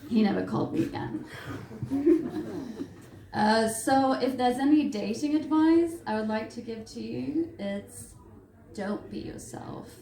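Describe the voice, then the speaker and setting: A woman from Latvia performing a stand-up set on a comedy bar stage, self-mocking and animated, with sudden loud bursts. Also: a little high, unhurried, gravelly, long pauses, slight background noise. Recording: roomy live venue, faint crowd.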